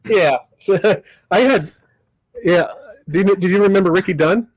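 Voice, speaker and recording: Older man, lively raconteur, dry sound. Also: high voice, unhurried, dry recording, rough recording. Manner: animated raconteur who acts out quoted people. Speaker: guest comedy magician. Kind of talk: casual storytelling interview.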